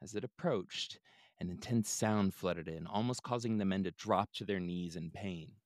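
A man's voice: sits low, moderate pace, no room sound. A man hosting a podcast, retelling a story in a casual, laid-back way with joking asides. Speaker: podcast host.

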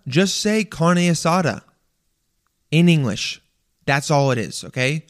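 Profane ranting man, slightly high voice. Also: a little slow. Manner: profane, exasperated, animated ranting; frequent stammers and restarts. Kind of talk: casual ranting monologue.

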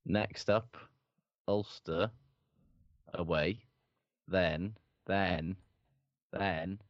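A man's voice: deep voice, steady tone, drawn-out words, dry recording, highs cut off. A man co-hosting a rugby podcast in casual chat, with a dry, wry, understated manner. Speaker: podcast co-host.

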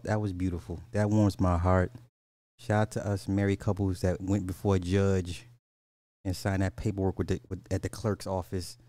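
Male podcast host, casual joking commentary; lowish, mellow, dry close-mic. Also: dry recording. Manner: loose, joking, talks straight to listeners. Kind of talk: casual commentary reacting to clips.

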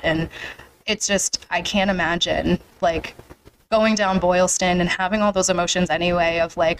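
A woman's voice: lowish voice, level tone, brisk, slight background noise, low-quality recording. A young woman hosting a podcast, chatting casually and emotionally, with a lot of "like" fillers. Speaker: podcast host. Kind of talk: casual interview chat.

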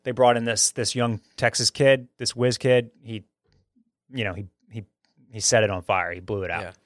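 A man's voice: fairly low pitch, steady tone, moderate pace, no echo, clean studio sound. A man hosting a casual chat about a film, talking with enthusiasm and often restarting his sentences. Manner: enthusiastic, talkative, frequent restarts. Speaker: podcast host reviewing a film.

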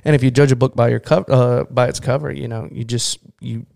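A man's voice: mid-range voice, steady tone, a little fast, vocal fry, a little mellow. A young man co-hosting a podcast, telling stories in a wry, teasing way. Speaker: podcast co-host. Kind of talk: casual podcast chat.

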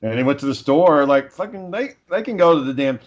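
A man's voice: fairly high pitch, expressive, a little fast, lo-fi sound. A man in casual chat, telling stories in a laid-back way, swearing often and chuckling.

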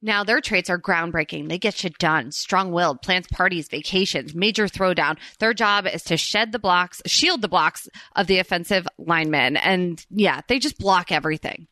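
A woman's voice: fairly low pitch, normal speed, hardly any pauses, sharp tone, no echo. A young woman hosting a podcast, chatting casually, giggly and gushing, laughing often. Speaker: podcast host. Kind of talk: casual chat.

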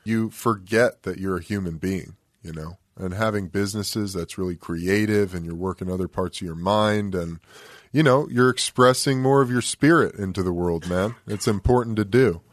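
A man's voice: lowish voice, moderate pace, dry recording, studio quality. Laid-back male podcast host. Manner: laid-back, affirming, slangy. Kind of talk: casual podcast chat.

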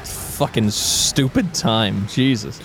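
A man co-hosting a casual podcast chat, relaxed and joking, swearing casually. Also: mid-range voice, takes it slowly, a little hiss or hum. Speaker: podcast co-host.

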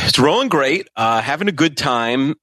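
A man's voice: mid-range voice, lively intonation, a little slow, pushed and bright, no echo, clean studio sound. A man in his forties co-hosting a podcast, chatting casually and rambling with many hesitations. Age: 40s. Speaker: podcast co-host. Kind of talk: casual chat.

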